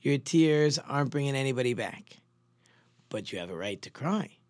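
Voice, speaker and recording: A man voicing a calm, wise older woman who survived a war, gently giving advice in his own voice within a spoken story. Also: mid-range voice, normal speed, no echo, studio quality, natural voice. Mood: counseling. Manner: gently counseling.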